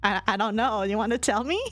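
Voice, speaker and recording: A woman's voice: mid-range voice, a little fast, soft background music. A young woman from California with a Californian accent, chatting casually on a stream and laughing often. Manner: giggly, laughs often, animated.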